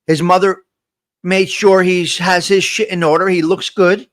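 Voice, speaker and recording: A man's voice: high-pitched, level tone, measured pace, fairly bright tone, dry recording, clean studio sound. A man hosting a live morning coffee chat, talking straight to his viewers in a motivational, repetitive way and reading out their comments. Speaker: livestream host.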